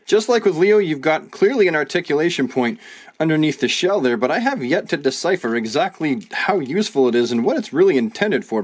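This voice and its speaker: A man in his thirties casually reviewing action figures, chatty and enthusiastic with joking asides. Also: on the high side. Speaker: toy reviewer.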